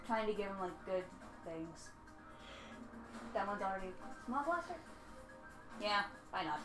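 A woman's voice: mid-range voice, animated, measured pace. Laid-back woman at the controller; swears a lot, roomy echo, game music faint. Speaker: gamer playing the game. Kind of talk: casual let's play commentary.

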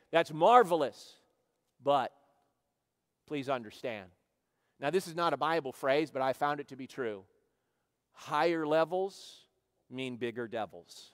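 Midwestern American pastor, middle-aged man, high voice, preaching with swells and hushes, church hall reverb. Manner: preaching with call-and-response, swelling loud then dropping low. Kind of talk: sermon. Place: large church sanctuary.

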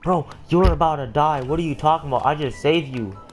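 A man giving casual gameplay commentary, excitable and slangy, talking back to the game's characters. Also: a little high, a little fast. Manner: excitable, talks to the game characters, says "bro" constantly. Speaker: gamer. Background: game music.

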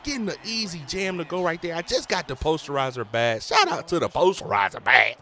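An excitable man calls his own game in hype-filled slang. His high voice swings widely in pitch and has a bright, sharp edge. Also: fairly quick. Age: adult, a parent. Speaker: gaming YouTuber. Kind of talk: let's play commentary.

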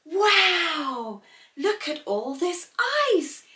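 A woman teaches toddlers in a high, lively voice. She speaks very slowly and clearly, with big gasps of surprise. She sounds a little distant from the mic, with loud music behind her. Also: heavy background noise. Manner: animated, exaggerated gasps and slow clear speech for toddlers; sings and imitates animal sounds. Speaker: children's teacher. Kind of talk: toddler learning video.

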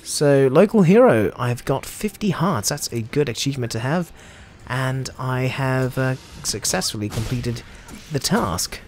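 A man with an Australian accent talks his way through a game session in a chatty, joking way, his voice sitting at an ordinary middle pitch. Soft game music plays faintly behind him. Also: measured pace, hardly any pauses. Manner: chatty, jokey, excitable. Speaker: gameplay video host. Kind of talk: casual gameplay commentary.

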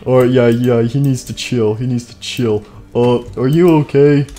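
A man's voice: mid-range voice, fairly even intonation, unhurried, warm tone, soft background music. A young man hosting an improvised game role-play, talking casually with lots of fillers and playful humming. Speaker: gaming channel host.

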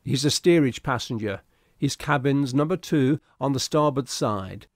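A man's voice: medium pitch, a little slow, no echo, studio quality. A man voicing a dutiful chief steward who reports in a raised, eager voice. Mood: reporting.

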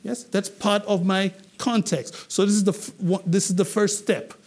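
A man from England teaching a public speaking class, animated and asking the students questions, often repeating himself. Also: high voice, moderate pace. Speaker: English public speaking trainer.

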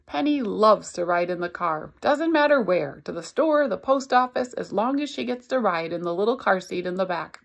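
A woman's voice: medium pitch, moderate pace, creaky, hardly any pauses. A woman reading a novel aloud, expressively voicing the narrator. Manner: expressive storytelling. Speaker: reader.

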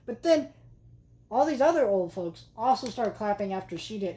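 A woman's voice: medium pitch, animated, moderate pace, dark tone. A young adult woman reviewing a film in a vlog, chatty and exasperated, with lots of fillers. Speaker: movie vlogger. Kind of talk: casual movie review rant.

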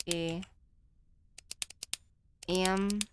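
A woman's voice: on the low side, flat delivery, extremely slow, background noise. A woman playing a horror game and talking to herself as she plays, nervous and chatty, then signing off to her viewers. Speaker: gaming channel host.

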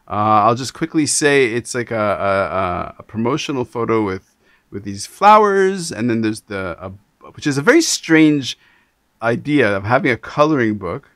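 A Canadian man hosts a relaxed interview over a video call. He talks with lively emphasis, often restarting his sentences. The sound is close and dry, with no room around him. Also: medium pitch, dry recording. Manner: animated, emphatic, frequent restarts. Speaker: podcast host. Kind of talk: casual interview conversation.

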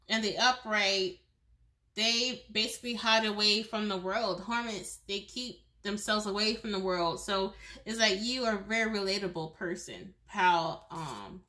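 A woman's voice: medium pitch, sharp tone. A woman giving a pick-a-card tarot reading, speaking directly to the viewer in a chatty way, repeating herself, restarting sentences and laughing often. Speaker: tarot reader.

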